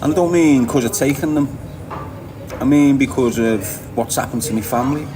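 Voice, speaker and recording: Music plays behind this Liverpool livestream host as he casually reads out viewer comments, blunt, sweary and quick to laugh. His voice is medium in pitch and his speed is normal.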